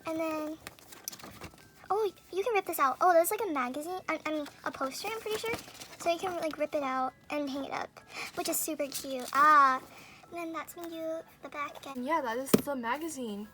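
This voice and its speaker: High, bright, gushing young woman. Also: moderate pace, slight background noise. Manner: gushing, gasping and squealing often. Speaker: unboxing vlogger. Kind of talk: excited casual unboxing chat.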